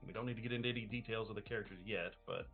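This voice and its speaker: A man runs a tabletop game session in a relaxed, conversational way, tossing questions to the table. His voice comes through thin and phone-like. Soft music plays underneath. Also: on the low side, rapid-fire. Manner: easygoing, asks the table questions. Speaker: game master. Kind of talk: casual tabletop game planning. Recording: tinny, phone-like stream audio.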